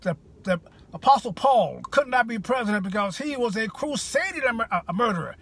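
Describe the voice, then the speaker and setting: Fervent preachy man, high husky voice. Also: expressive, brisk, fairly bright tone. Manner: preachy, rousing, rhetorical questions. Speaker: political commentator. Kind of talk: direct-to-camera political monologue.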